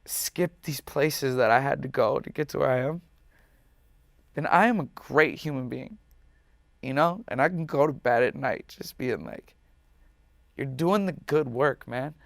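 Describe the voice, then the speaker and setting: A man's voice: mid-range voice, animated, moderate pace, gravelly, fairly bright tone, dry recording, studio quality. A man speaking as a musician guest in an interview, candid, emotional and passionate, swearing freely.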